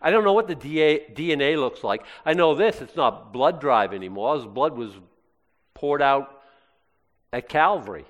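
Lively, joking preacher in an echoing hall. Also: male voice, on the high side, moderate pace. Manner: animated, jokey preaching with playful asides. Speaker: pastor. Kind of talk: sermon. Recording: long hall reverb.

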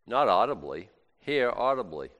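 Male preacher, lively swinging pitch, bright tone, loud bursts then hushed asides. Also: normal speed, highs cut off. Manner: animated, swings from loud exclamations to quiet asides; repeats words and restarts, conversational. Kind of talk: sermon.

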